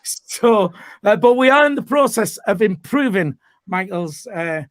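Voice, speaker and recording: High-voiced chatty man hosting a fan stream. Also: animated, measured pace, no room sound. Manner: upbeat, chatty presenting with frequent hesitations. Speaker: host. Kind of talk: live stream football fan chat.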